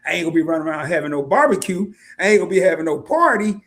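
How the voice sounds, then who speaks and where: Male livestream host, fairly high and very animated voice, loose chatty delivery to his viewers. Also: very fast. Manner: animated, colloquial, addresses viewers as y'all; mimics worried investors in high voice. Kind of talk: casual livestream chat.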